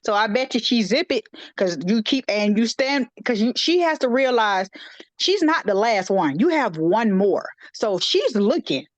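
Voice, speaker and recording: A woman's voice: on the high side, big pitch swings, measured pace, no room sound. A woman co-hosting a casual chat, who talks emphatically and backs up her partner with frequent agreement. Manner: emphatic, affirming with frequent mm-hmms. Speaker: podcast co-host. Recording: slightly dull lo-fi sound.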